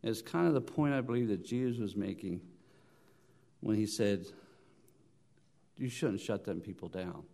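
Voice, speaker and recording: A man preaching a sermon in church, telling stories with halting restarts, rising loud on his points and then dropping soft. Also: on the low side, vocal fry. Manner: halting restarts and repeated words.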